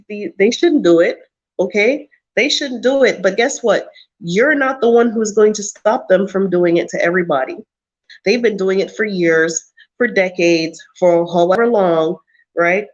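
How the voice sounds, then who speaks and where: A woman's voice: medium pitch, dull audio. Emphatic woman lecturing her livestream viewers. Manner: emphatic, preachy, repeats herself for stress. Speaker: vlogger answering live chat. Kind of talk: casual livestream advice talk.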